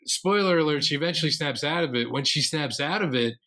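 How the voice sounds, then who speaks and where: Male podcast co-host, laid-back and keen on his own theories, with a sharp, bright, higher-set voice. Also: fairly quick. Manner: relaxed, eager to share his own theories. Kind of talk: casual film breakdown chat.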